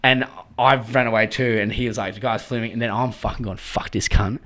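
A man's voice: mid-range voice, steady tone, fast, bright, forceful tone. A young Australian man in casual podcast chat, telling a rambling story full of swearing and laughter. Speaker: podcast co-host.

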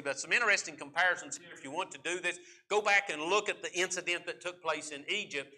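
A man preaching a sermon in a very bright, somewhat high voice. He is emphatic, acting out the figures in the story as he goes. He slows right down to drive home the key points.

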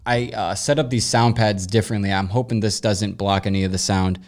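A man's voice: fairly low pitch, steady tone, brisk. A young man hosting a casual solo podcast, reading listener questions and giving blunt, rambling advice with plenty of swearing, recorded at home. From United States. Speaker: podcast host. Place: home room with echo, sound pads set up. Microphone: camera recording, speaker moves off-mic at times.

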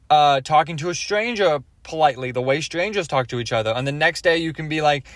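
A man's voice: on the high side, fairly bright tone, dry recording. Rambling young man, dry close mic. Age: 20s. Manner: rambling, self-interrupting, asks "okay?" often. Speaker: podcast host. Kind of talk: rambling comedic monologue.

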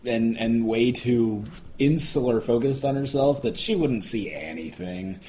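A man's voice: mid-range voice, expressive, a little slow, dark tone. Man cohost, jokey, lots of uhs, slight hiss behind. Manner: joking, hesitant with fillers. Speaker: podcast co-host. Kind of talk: casual chat.

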